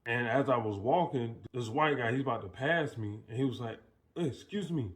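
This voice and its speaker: A man in mid-range pitch talks in a casual, rambling commentary style. He swears freely, restarts his sentences often and speaks bluntly. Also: brisk, a bit bright. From United States. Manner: loose, profane, storytelling with many restarts. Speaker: commentary host.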